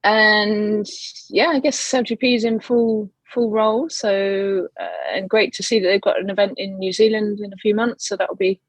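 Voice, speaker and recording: Middle-aged woman guest, relaxed and chatty, thinks aloud; dry, close mic. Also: medium pitch, normal speed, few pauses, dry recording, muffled recording. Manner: relaxed, laughs often, thinks aloud with ums. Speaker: guest sailor. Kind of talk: casual podcast chat.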